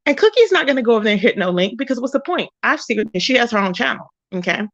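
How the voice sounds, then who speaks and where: Chatty high-voiced woman greeting her viewers. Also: sing-song, fast, no echo, dull audio. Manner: chatty, greets viewers by name, repeats for emphasis. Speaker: livestream commentary host. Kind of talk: casual livestream commentary.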